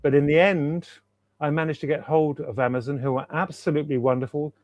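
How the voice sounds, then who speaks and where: A man's voice: on the high side, steady tone, fairly quick, a little mellow, no room sound. A man, a guest author chatting enthusiastically in an interview over a video call, rambling and repeating himself for emphasis. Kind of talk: casual interview chat.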